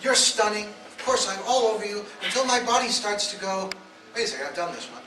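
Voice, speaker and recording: A man's voice: high voice, fairly quick, sharp tone, slight background noise. Blunt male speaker, echoey bootleg recording. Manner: storytelling, acts out quoted voices; blunt, provocative. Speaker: speaker giving a talk. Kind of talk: live lecture to an audience. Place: event hall. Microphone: audience phone camera. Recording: echoey phone recording from far off.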